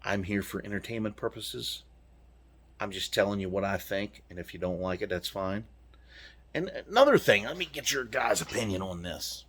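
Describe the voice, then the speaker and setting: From the cab of his truck, an American vlogger swears his way through a heated, punchy rant aimed at his viewers. His fairly low voice is animated and slightly bright with a breathy edge, moving at a normal speed.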